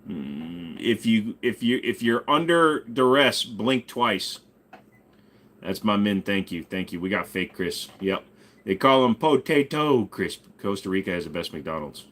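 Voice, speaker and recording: A man hosting a loose ask-me-anything livestream, answering chat with crude jokes and frequent swearing. His voice moves a lot, jumping between low mutters and higher bursts. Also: lively intonation, measured pace, a bit bright. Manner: profane, joking, reads chat while bidding. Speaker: streamer host.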